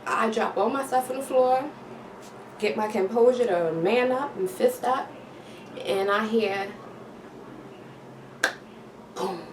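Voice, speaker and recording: Animated woman telling a story in a roomy space. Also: on the high side, slow, long pauses. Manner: animated storytelling with sound effects and slang. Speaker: vlogger. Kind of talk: storytime vlog. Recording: roomy, distant, noisy home recording.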